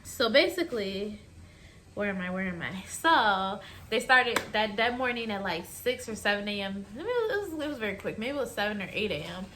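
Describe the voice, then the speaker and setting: A woman's voice: medium pitch, lively intonation, normal speed, fairly bright tone, slight background noise. A young woman vlogging, telling a personal story in a chatty, emotional way and speaking straight to her viewers. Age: young adult. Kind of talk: casual storytelling to camera.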